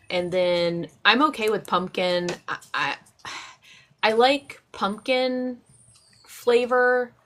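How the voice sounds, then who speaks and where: A woman's voice: fairly low pitch, bright, forceful tone, a little hiss or hum. Rambling woman hosting a live chat. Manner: rambling, many fillers and restarts. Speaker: live stream host.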